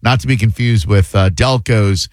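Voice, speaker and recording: A man's voice: on the low side, moderate pace, no echo, clean studio sound. A man hosting a casual radio talk show, talking loosely and rambling, trailing off with "uh" as he thinks. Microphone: studio microphone.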